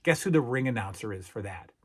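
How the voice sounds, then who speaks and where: A man's voice: mid-range voice, animated, fast, slightly rough. A middle-aged man hosting a toy review vlog, with emphatic, salesman-like patter and repeated phrases as he talks to his viewers. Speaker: toy collector channel host.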